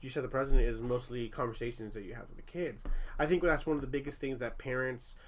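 A man's voice: mid-range voice, fast talker. A man in his thirties, a parent chatting casually with his family, telling a story candidly, with lots of swearing and fillers. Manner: candid, profane, animated storytelling. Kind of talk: casual podcast chat with family.

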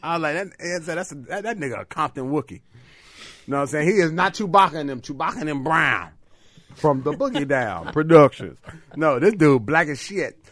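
A man's voice: fairly high pitch, lively intonation, brisk, a bit bright, no room sound. A man as a podcast guest, telling stories in loose, joking casual chat and laughing often.

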